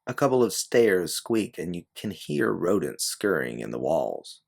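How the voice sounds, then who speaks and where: A man reading a story aloud in measured, scripted narration. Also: low-pitched, very animated, vocal fry, husky. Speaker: audiobook narrator. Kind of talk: scripted second-person narration.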